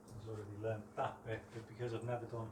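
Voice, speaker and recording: A man teaching dog training outdoors, explaining calmly between high, sharp commands to his dog. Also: fast talker, noisy background. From United Kingdom. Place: outdoors with ambient noise. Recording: roomy, distant from the mic, faint ambience.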